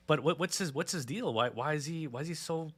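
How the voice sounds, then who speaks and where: Bright-voiced man hosting an interview. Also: a little high, a little fast, breathy edge. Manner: stammering, repeats words as he thinks. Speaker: interview host. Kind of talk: casual interview chat.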